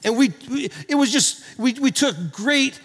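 A man from Oklahoma preaching a sermon as pastor, earnest and animated, often restarting his sentences. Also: very high-pitched, normal speed, big-room sound. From Oklahoma, USA.

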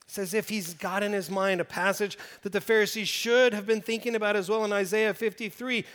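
A man preaching a sermon, animated, with emphatic rises and hushed drops. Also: sits high, a little fast, clean tone, in a large hall. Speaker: pastor.

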